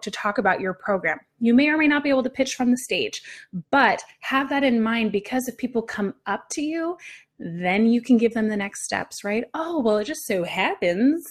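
A woman hosting a podcast, giving a motivational teaching talk in an upbeat, direct way, with deliberately varied, sing-song intonation. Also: fairly high pitch. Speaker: podcast host and visibility coach.

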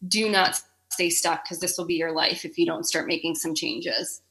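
This is a woman in her thirties speaking as a guest on a podcast. Her voice sits slightly low but has a bright, forceful edge. She talks openly and emotionally, sprinkling in curse words and plenty of "like.". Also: steady tone, moderate pace, creaky. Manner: frank and emotional, swears freely, heavy use of "like". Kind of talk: candid interview conversation.

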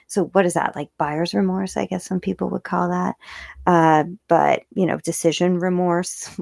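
Chatty, fast-talking woman vlogger with a low, gravelly voice, recorded close and dry. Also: no echo. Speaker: video creator. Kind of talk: casual personal storytelling.

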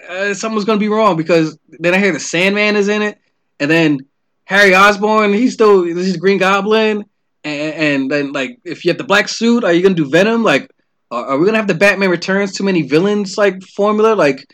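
High-voiced exasperated man ranting. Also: a bit bright. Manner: exasperated, profane, frequent "like" and restarts. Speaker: movie ranter. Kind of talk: casual rant monologue.

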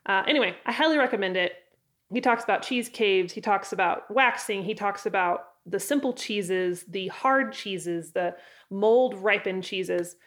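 A woman's voice: mid-range voice, a little slow, a bit bright. Chatty, enthusiastic woman homesteader. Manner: enthusiastic, chatty, self-deprecating. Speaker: homesteading vlogger. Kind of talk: casual book recommendations to camera.

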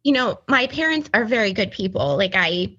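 A woman's voice: medium pitch, animated, normal speed. Hesitant, emotional woman on a dull line. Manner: soft-spoken, hesitant, agreeable. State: voice quavering, emotional. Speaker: caller. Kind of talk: counseling session.

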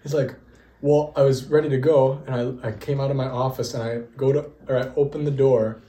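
In a brisk, mid-range voice, a young podcast co-host tells casual stories, staying lively, laughing frequently and dramatizing the dialogue. The room has an echo.

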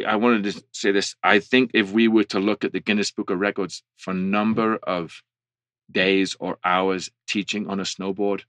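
A man's voice: low voice, fairly bright tone, no room sound. A man snowboard instructor chatting in an interview, frank and joking. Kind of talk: casual interview chat.

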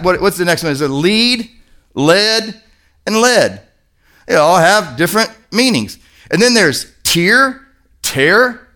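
A man from Kentucky, a pastor, preaching a sermon in a church in a lively, conversational way, asking the congregation questions. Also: on the high side.

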